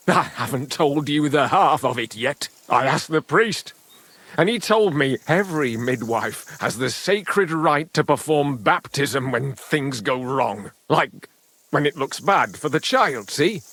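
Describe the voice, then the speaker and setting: A husky-voiced village father from a medieval game, grieving his son and bitter toward the midwife he blames. He talks slowly, brooding over each phrase before flaring into anger. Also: mid-range voice, a bit bright, no echo. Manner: slow, brooding, rising to angry bursts.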